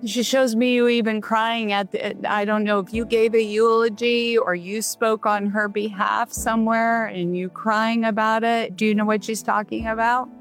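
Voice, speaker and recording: A woman hosting a call-in radio show as a psychic medium, giving gentle, reassuring readings to callers. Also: fairly high pitch, moderate pace, few pauses, soft background music. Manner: warm reassuring, relays messages in a gentle steady flow.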